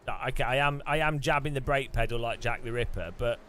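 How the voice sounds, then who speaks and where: A man's voice: mid-range voice, fast talker, fairly bright tone, slight background noise. A man chatting casually about sim racing as he plays, rambling with chuckles and restarts. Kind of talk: casual gaming chat.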